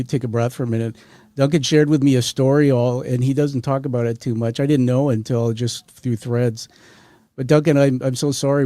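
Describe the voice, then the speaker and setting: Warm-voiced man hosting an interview. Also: mid-range voice, dry recording. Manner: energetic, rambling, addresses audience directly. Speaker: podcast host. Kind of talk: conversational interview.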